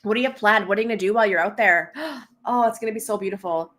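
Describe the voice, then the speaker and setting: A woman's voice: mid-range voice, very fast, fairly bright tone. A woman hosts a casual live stream as a business coach, chatting with lots of laughter and fillers and reading comments aloud.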